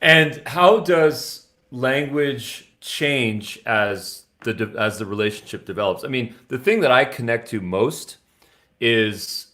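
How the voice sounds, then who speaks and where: A man hosting an interview, asking reflective questions in a relaxed, conversational way. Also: mid-range voice, takes it slowly. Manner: reflective, laughs easily. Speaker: interview host.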